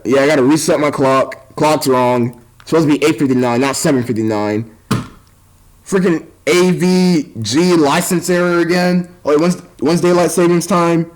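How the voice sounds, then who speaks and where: A man's voice: fairly high pitch, rough recording. A man ranting casually into his webcam at home, rambling and exasperated as he goes. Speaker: vlogger.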